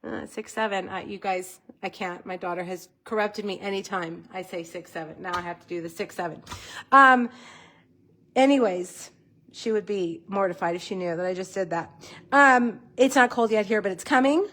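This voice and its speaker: A woman's voice: mid-range voice, moderate pace, fairly bright tone. A middle-aged woman with a scratchy voice from a head cold, hosting a casual craft livestream, chatty and rambling with frequent laughs.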